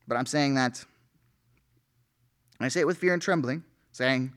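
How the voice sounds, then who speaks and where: A man's voice: mid-range voice, normal speed, pauses often, a bit bright. A male pastor preaching an earnest sermon, reading scripture aloud with rising emphasis.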